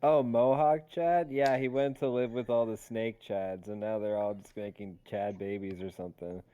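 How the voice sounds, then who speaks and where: A man's voice: on the low side, steady tone, moderate pace, mellow, slight background noise. A man playing in a tabletop game, chatting in a joking, offhand way. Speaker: player. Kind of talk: casual chat in a tabletop game.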